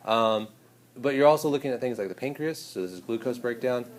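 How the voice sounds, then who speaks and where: A male teacher giving a lively, hands-on classroom lecture and speaking directly to his students. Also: medium pitch, a little fast, reverberant.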